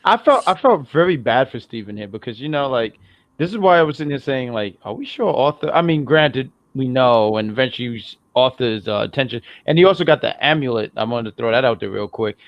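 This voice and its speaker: A man's voice: mid-range voice, lively intonation, fairly quick, no echo. Laughing man on a dull, dry mic. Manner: laughs often, rambling with restarts. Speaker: podcast co-host. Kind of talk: casual recap chat.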